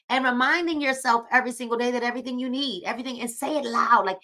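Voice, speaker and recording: Bright, upbeat woman hosting. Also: a little high, rapid-fire, gravelly, few pauses. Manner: preachy, encouraging, repeats phrases. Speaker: book club host. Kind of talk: live-stream chat.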